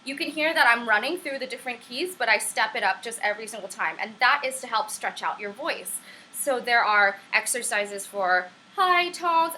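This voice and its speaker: A woman's voice: fairly high pitch, sharp tone, rough recording. A young woman at home teaching a casual online singing lesson, chatty, encouraging and prone to tangents. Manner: upbeat and encouraging. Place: at home on camera.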